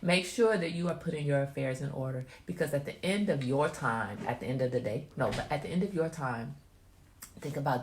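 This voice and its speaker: A woman's voice: sits low, fairly quick. A woman hosting a casual livestream, chatty and emphatic, giving motherly advice to viewers. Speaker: host. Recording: roomy echo.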